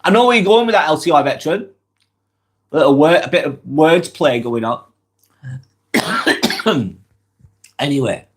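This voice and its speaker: A man's voice: on the high side, lively intonation, a little slow, long pauses. A man with a Lancashire accent and a cold, hosting a casual live vlog and chatting back to viewer comments. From Lancashire, northwest England. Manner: chatty, reads out comments and answers them directly. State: has a cold. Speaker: live-stream vlog host.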